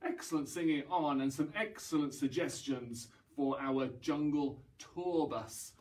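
Man, children's rhyme-time leader, bright encouraging manner, slow pace, distant mic. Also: fairly high pitch. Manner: cheerful, encouraging, talks to young children. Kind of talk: children's song session. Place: indoors, library session streamed online. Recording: voice away from mic.

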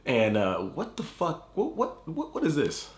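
A man's voice: a little high, huge pitch swings, unhurried, roomy sound. A man hosting a YouTube reaction video, ranting angrily and swearing, repeating himself as he fires off words. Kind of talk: angry profane reaction rant.

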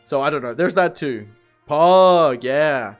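A man's voice: on the high side, slow pace, smooth, soft background music. A man chatting casually on a livestream, rambling, swearing and laughing often.

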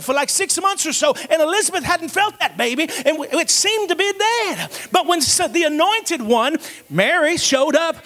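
A man with a strikingly high voice preaches a revival sermon in a church. He is fervent, calls on the congregation to answer back, and often climbs into shouts. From Cincinnati area. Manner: fervent, call-and-response preaching, rising to shouts. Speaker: evangelist preacher. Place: church sanctuary.

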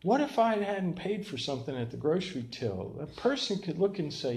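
An older man delivers a sermon, pastor at the pulpit. His voice sits a little higher than most men's. He spins a lively, self-mocking story with plenty of humor. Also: brisk, hardly any pauses.

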